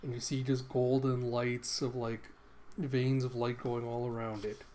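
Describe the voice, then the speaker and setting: A man's voice: mid-range voice, level tone, a little slow, darkish tone, slight background noise. A man hosting a comic readthrough, retelling the story in a loose, filler-laden way. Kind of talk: casual comic recap.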